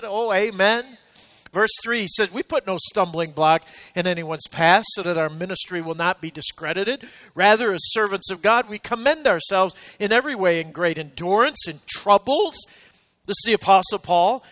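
A man's voice: high-pitched, fairly bright tone, dry recording. A man preaching a sermon to a congregation, reading scripture with rising emphasis, breaking off for joking asides and urging the people to say amen. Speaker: pastor.

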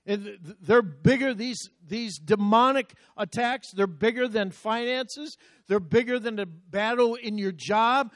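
A man with a notably high voice delivers a sermon as pastor. He preaches with emphasis and slows down deliberately when he reads scripture aloud. The sound is dry, with almost no room echo.

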